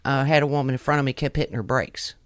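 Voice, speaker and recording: A woman tells road stories in a blunt, salty, cussing way. Her voice is smooth and clear, and it sits in a dry, close-miked studio sound. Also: extremely low pitch, fairly even intonation, fast talker, no echo. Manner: salty, blunt storytelling with swearing and laughs. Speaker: guest truck driver. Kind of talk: casual storytelling chat.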